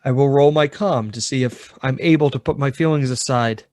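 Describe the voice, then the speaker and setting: A man playing a tabletop game on a podcast, describing scenes in a relaxed, casual way. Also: mid-range voice, normal speed, no room sound. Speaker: player. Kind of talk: casual actual-play chat.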